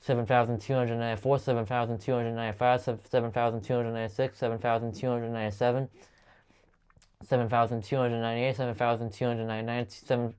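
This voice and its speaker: A channel host with a smooth mid-range voice counts out loud at length in a monotone video. The pace is rapid and even, though he keeps stumbling and beginning again.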